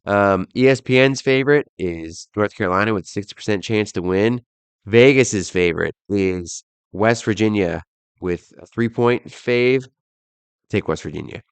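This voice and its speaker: His voice sits on the low side and sounds smooth, with no echo in the recording. The young man hosts a casual football podcast by himself, rattling through bowl odds and picks in an offhand way and joking at his own expense.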